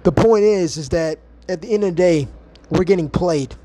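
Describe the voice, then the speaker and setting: A man's voice: high voice, moderate pace, warm tone. Heated, profane man ranting. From United States. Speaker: podcast host. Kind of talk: ranting monologue.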